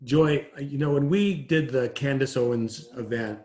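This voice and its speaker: A man's voice: medium pitch, unhurried, darkish tone. A man hosting an interview, talking in a conversational way and reading out listener questions. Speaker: host. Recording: roomy echo.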